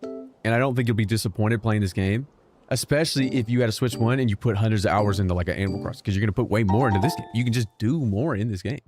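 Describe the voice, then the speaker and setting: A young man streaming a game, giving casual commentary that is joking, animated and full of swearing. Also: lowish voice, fast. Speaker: gaming streamer. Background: game music.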